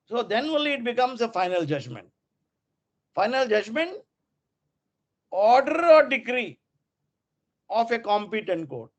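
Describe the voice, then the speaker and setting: High-voiced Indian law professor lecturing. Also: male voice, very animated. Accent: Indian English, mixing in Hindi. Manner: deliberate, repeats key terms, tells students to underline.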